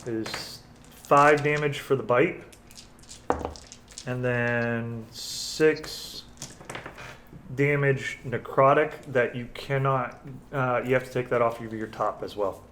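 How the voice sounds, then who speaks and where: A man running a tabletop game as game master, counting dice out loud and often correcting himself mid-sentence. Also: medium pitch, fairly even intonation, slow, long pauses, slight background noise.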